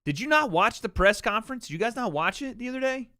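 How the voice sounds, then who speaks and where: A man's voice: very high voice, expressive, fast, pushed and bright, no room sound, clean studio sound. A man hosting a livestream watch party in casual chat, brash and opinionated, swearing freely.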